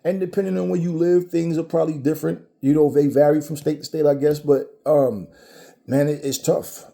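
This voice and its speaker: A man's voice: fairly high pitch, fairly even intonation, brisk, creaky, mellow. A man from the Caribbean giving a blunt, profane commentary monologue, talking emphatically and swearing freely. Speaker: vlogger.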